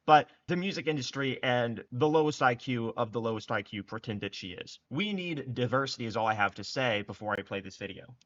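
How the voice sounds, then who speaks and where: A man's voice: medium pitch, sharp tone. A young man giving scornful, sarcastic political commentary. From United States. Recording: dull lo-fi recording.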